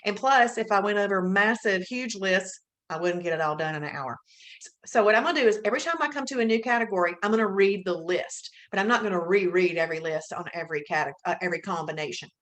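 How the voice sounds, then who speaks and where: A woman's voice: mid-range voice, fast, a bit bright. A woman with an Alabama accent hosting a live webinar, chatting casually and greeting viewers by name in an upbeat way. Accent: Southern US, Alabama. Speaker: webinar host.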